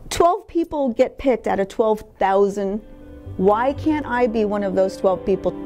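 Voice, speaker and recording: A woman's voice: mid-range voice, animated, measured pace, dark tone, faint music behind. A middle-aged woman talking candidly in an interview, emphatic and blunt, swearing freely as she tells her life story. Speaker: interview guest.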